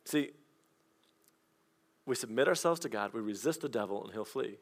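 Animated storytelling pastor, a man. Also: medium pitch, moderate pace. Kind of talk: sermon.

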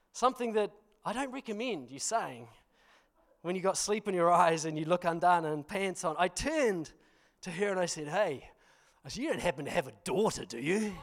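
A male pastor, preaching a sermon through animated, self-deprecating storytelling, often laughing and checking in with the congregation. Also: high voice. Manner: addresses congregation with frequent "you know" and "hmm?".

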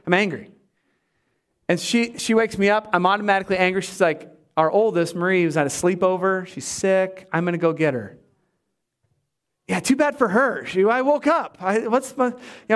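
High-voiced man preaching a sermon. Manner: conversational, self-deprecating storytelling. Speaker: pastor.

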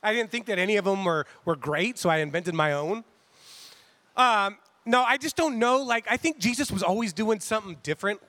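A man preaching a sermon in a casual, conversational way, acting out quotes with animated asides. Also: sits high, brisk, no echo. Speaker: pastor.

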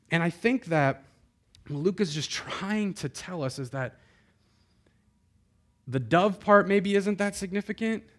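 A pastor preaching to a congregation in a casual, chatty way. His voice sits a little high for a man, and he keeps turning to the listeners with questions. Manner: conversational, addresses the congregation directly. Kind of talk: sermon. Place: church before a live congregation.

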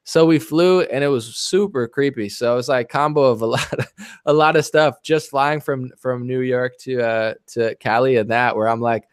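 A man's voice: medium pitch, steady tone, normal speed, clear, resonant tone, no room sound. Podcast host, male, casual rambling storyteller with a joking edge; dry, close sound. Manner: rambling and jokey. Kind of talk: casual chat.

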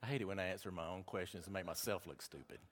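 A man's voice: low-pitched, very fast, noisy background. A man with a Southern accent preaching a sermon, chatty and folksy, with asides between the scripture readings.

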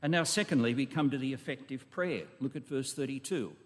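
Delivering an expository sermon, a man speaks emphatically in a mid-range voice at a fairly quick pace, throwing in rhetorical questions and asides to the congregation. A large hall's long echo surrounds him.

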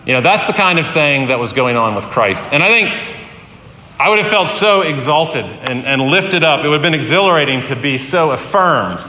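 A man's voice: on the high side, lively intonation, moderate pace, sharp tone, a little hiss or hum. A man in his fifties, a pastor preaching a sermon in an earnest, storytelling way with emphatic repeated phrases. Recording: roomy hall with long reverb, faint ambience.

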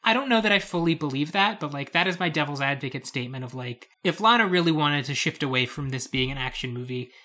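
A woman with a bright, crisp-edged voice joins a casual film discussion. She stammers into her points, swears offhand and laughs along with the others. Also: deep voice, lively intonation, fast talker, few pauses. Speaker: podcast co-host.

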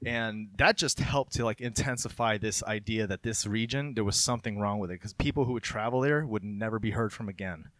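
A man's voice: fairly low pitch, a little fast, few pauses, a bit bright, no echo. A man hosting a casual chat, telling a local legend in a loose conversational way and reading passages aloud.

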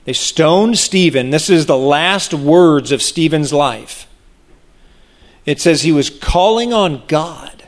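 A man preaching a sermon, animated and expressive, acting out the voices of people in the story. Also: slow pace. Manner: animated, acts out voices of the crowd with big pitch jumps.

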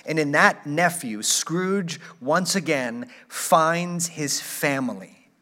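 A male pastor preaching with earnest, inviting warmth in a forceful, bright voice. His pitch sits a little above the usual for a man, and he often leans into his storytelling. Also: takes it slowly. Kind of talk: sermon.

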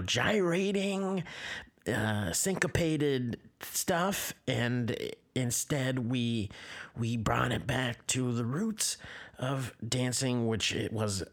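Comedy podcast man, unhurried, rambling deadpan improv with lots of stops and restarts. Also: medium pitch, husky.

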